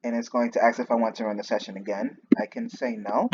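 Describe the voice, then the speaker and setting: A man's voice: medium pitch, quick pace. A man, a student, walking through his class coding project on a screen recording, hesitant and full of fillers and restarts. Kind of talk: screen-recorded program walkthrough. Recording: muffled lo-fi audio with steady noise and clicks.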